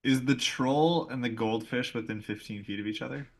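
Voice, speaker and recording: A man playing a tabletop game, slowly and vividly describing his character's actions. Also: mid-range voice. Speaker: player. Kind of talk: tabletop role-play.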